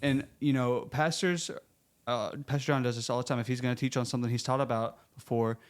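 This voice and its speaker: A man's voice: steady tone, fairly quick, clear, resonant tone. A man hosting a podcast in casual faith talk, earnest, his voice rising when he makes a point. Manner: earnest, rises in pitch when making a point. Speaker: podcast host.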